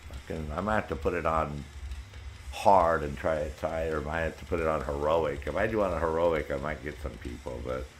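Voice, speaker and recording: A man's voice: very deep voice, a little fast, slight background noise. A man streaming a video game, venting angrily in casual talk with constant swearing. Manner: angry venting, heavy swearing. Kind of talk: casual chat while gaming.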